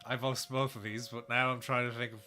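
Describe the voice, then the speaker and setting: A man's voice: medium pitch, flat delivery, fairly quick, pushed and bright. A man co-hosting a game stream, chatting playfully and laughing often, over game music. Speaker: let's play co-host. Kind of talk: casual game commentary with voice acting.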